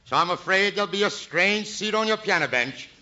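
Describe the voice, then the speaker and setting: A man's voice: high-pitched, lively intonation, brisk, pushed and bright. A man hosting a 1940s radio comedy, trading wisecracks and crooning a sentimental song. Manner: wisecracking, sings sentimental ballad. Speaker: comedy show host and singer. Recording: dull old radio broadcast with music.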